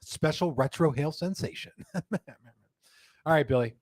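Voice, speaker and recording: A jokey male host rambles through a casual livestream chat with easy humor. His voice sits a little high and sounds close and dry. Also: moderate pace, dry recording.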